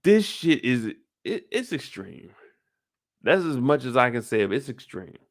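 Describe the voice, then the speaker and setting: Man, recap host, lively swings in pitch, dry close sound, profane, casual. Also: moderate pace, no echo. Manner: animated, profane, full of rhetorical questions.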